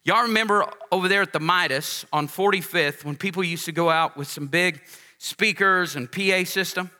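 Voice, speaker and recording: A pastor delivering a folksy sermon, rising to emphatic calls to the congregation. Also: male voice, high voice, moderate pace, bright, forceful tone.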